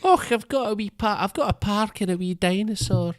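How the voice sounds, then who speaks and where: A man putting on an impression of a doting elderly Scottish park owner, in a high, fond voice with a Scottish accent. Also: brisk, no room sound, clean studio sound, lightly acted.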